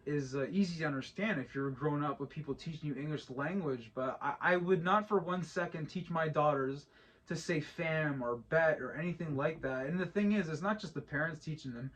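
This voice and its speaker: A man in his thirties co-hosting a casual podcast chat, rambling with lots of restarts and repeated words. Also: on the high side. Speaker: podcast co-host.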